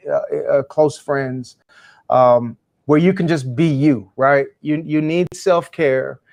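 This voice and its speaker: A man's voice: on the high side, a little mellow. A man who is a guest in an interview, an education speaker answering in a passionate, emphatic, preacherly way.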